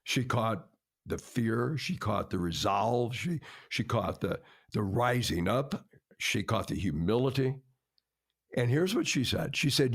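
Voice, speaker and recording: Older male podcast host, gravelly, dry close mic, earnest dramatic storyteller. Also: fairly low pitch, lively intonation, measured pace, no echo. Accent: American. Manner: earnest, dramatic retelling with quoted dialogue. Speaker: marriage counselor, podcast host.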